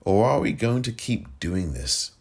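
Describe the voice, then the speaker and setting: A man hosting a podcast, reading a news story aloud with his own commentary in a measured, deliberate way, stumbling now and then. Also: fairly low pitch, sing-song, creaky. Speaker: podcast host.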